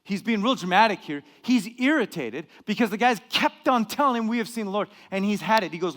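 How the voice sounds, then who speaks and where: A man preaching a sermon as pastor, dramatic and lively, acting out quoted lines and getting louder for emphasis. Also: fairly quick. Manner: dramatic, acts out quoted lines, rises in pitch and volume for emphasis. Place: church hall. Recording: long hall reverb.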